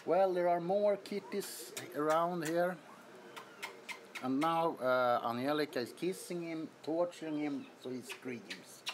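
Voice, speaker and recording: A man's voice: fairly high pitch, measured pace, slight background noise. A man with a Swedish accent hosting a casual livestream from an apartment, laughing often as he shows off kittens. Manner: giggly, amused, introducing kittens. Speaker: livestream host. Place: indoors, apartment.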